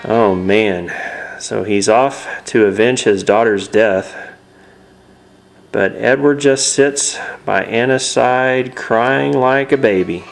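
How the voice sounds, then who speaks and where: A man's voice: mid-range voice, takes it slowly, creaky, soft background music. Casual man narrating a game playthrough. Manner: reads dialogue aloud with casual asides. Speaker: let's play host. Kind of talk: let's play narration.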